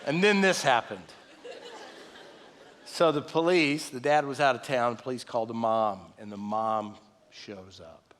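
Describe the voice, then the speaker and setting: A middle-aged man preaching a sermon with conversational storytelling, swinging from loud excited retelling to soft low tones. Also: unhurried. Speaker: pastor. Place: church sanctuary. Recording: long reverb of a large hall.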